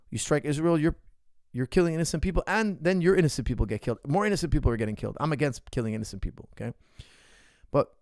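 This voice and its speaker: Emphatic indignant coach, slightly high voice. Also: male voice, a little mellow, no echo, clean studio sound. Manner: emphatic, indignant, repeats phrases for stress. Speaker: martial arts coach answering viewer questions. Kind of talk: impassioned unscripted monologue.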